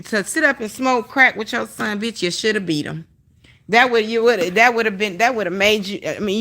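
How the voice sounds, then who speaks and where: Her voice on the low side and a bit bright, a female livestream host goes on a casual but heated rant, blunt and full of profanity, hammering the same points again and again.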